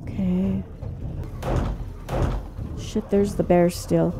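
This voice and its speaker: An older woman giving let's play commentary, jumpy, cursing and talking to the game out loud. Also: on the low side, takes it slowly, pauses often. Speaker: gamer.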